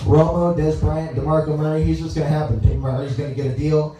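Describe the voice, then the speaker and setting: A young man from Dallas doing a stand-up comedy set, rambling, halting and crude as he talks to the crowd on a club stage. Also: on the high side, fairly even intonation, warm tone, slight background noise. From Dallas, Texas. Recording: echoey room, mic heard from far off.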